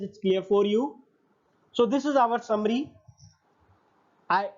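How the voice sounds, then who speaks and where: A man's voice: sits high, darkish tone. A male lecturer reading his slide points and then restating them in a recorded online lesson. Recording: dull lo-fi audio.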